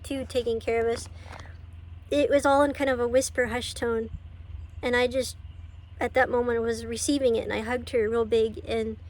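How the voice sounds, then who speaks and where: A woman giving an emotional personal testimony on her vlog, tearful and laughing between words. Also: sits high. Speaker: faith vlogger.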